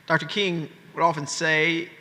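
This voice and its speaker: A man's voice: on the high side, level tone, a little slow, sharp tone. Fiery man in a big echoing hall. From Memphis, Tennessee, USA. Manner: fiery call-and-response, rhythmic repetition. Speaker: keynote speaker, state legislator. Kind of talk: political rally speech. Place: large conference hall. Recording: long reverb of a big conference hall.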